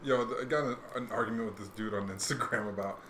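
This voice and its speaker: A young man hosting a podcast, chatting casually in a rambling, animated way with lots of fillers. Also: on the low side, fast talker. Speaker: podcast host. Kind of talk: casual chat. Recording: echoey room, faint noise.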